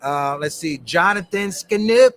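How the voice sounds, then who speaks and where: A man with a slightly high voice co-hosts a live baseball stream. He keeps the talk casual, reads the chat aloud and gives shout-outs to viewers. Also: animated, measured pace. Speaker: co-host. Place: at a baseball convention.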